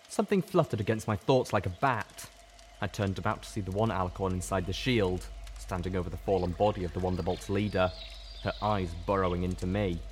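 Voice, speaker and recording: Deep-voiced man reading a story aloud. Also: a little hiss or hum. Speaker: audiobook reader. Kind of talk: first-person fan fiction narration.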